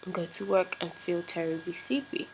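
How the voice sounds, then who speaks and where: Young nigerian woman rambling at the camera, slightly low voice, light hiss in the back. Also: moderate pace, poor audio. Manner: chatty, rambling, laughs easily. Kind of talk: casual vlog chat.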